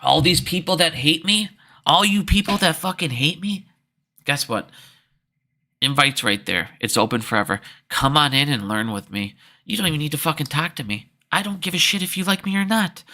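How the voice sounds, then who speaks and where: A young man speaks off the cuff to his viewers in a rambling, heated stream of swearing. His tone is very bright and edgy, and his voice sits a little high for a man. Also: expressive, moderate pace. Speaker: stock trading channel host. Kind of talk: casual unscripted monologue to viewers.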